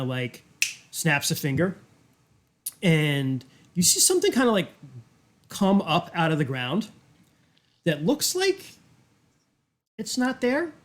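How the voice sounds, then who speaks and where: A man narrating a tabletop game as game master, loose and hesitant with many fillers. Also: a little high.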